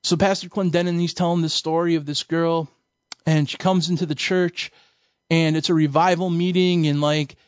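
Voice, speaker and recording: A man's voice: a little high, fairly even intonation, moderate pace, clear, resonant tone, dry recording. A man giving a sermon-style Bible teaching lesson, emphatic and colloquial, weaving in stories. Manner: emphatic, colloquial preaching with storytelling. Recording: dull, dry recording.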